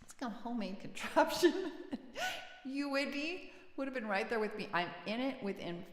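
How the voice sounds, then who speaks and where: A woman hosting a livestream, chatting casually between songs, gentle and encouraging, laughing as she tells a story. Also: fairly high pitch, animated, normal speed, a little hiss or hum. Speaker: livestream host and singer-songwriter. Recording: roomy echo with long reverb, faint guitar.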